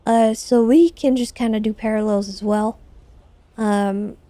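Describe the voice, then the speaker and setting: Relaxed young woman, mellow dry voice. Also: on the high side, unhurried, dry recording. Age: 20s. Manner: relaxed, rambling explanations with fillers. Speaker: streamer playing a police officer. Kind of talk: casual chat during roleplay.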